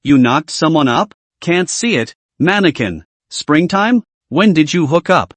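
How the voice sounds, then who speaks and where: A smug young senior brother from a fantasy tale, forever needling and gossiping, as a male narrator reads him. The voice is fairly high and swings up and down a lot. It sounds dry and close, with no room around it. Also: big pitch swings, measured pace, no room sound. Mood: gossipy teasing.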